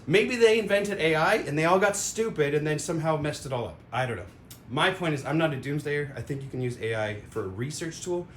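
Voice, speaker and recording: A man giving a casual, rambling opinion monologue, full of fillers and sound effects. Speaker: vlogger. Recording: roomy echo with faint rumble.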